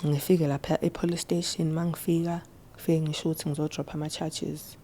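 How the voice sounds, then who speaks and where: Brief: young South African woman, low voice, isiZulu-flavored English, halting interview storytelling with stammered restarts. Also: level tone, warm tone, slight background noise. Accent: South African, mixing isiZulu and English. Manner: switches between English and isiZulu mid-sentence. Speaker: podcast guest.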